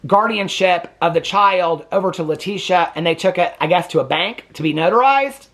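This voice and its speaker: A man's voice: high-pitched, expressive, fairly quick, few pauses, fairly bright tone. A man hosting a reality TV reaction channel, recapping episodes in a sassy, gossipy, chatty way and often asking viewers "okay?". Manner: addresses viewers with repeated "okay?". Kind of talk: casual reaction commentary. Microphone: camera on a tripod.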